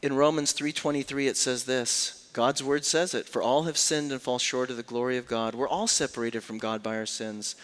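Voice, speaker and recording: A man preaching a sermon as a pastor, swinging between hushed, slow lines and loud, raised passages. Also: medium pitch, steady tone.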